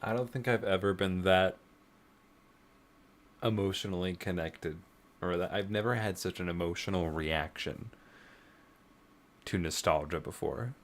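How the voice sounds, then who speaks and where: A man's voice: low voice, measured pace, long pauses. A man hosting a casual reaction video, swearing often and sighing, plainly moved by what he watches. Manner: swears often and sighs between remarks; emotional and easily moved.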